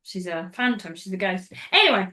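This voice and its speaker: A woman's voice: mid-range voice, sing-song, brisk, bright, forceful tone. A woman hosting a podcast, recapping a film in casual, rambling chat that goes off on tangents. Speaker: podcast host.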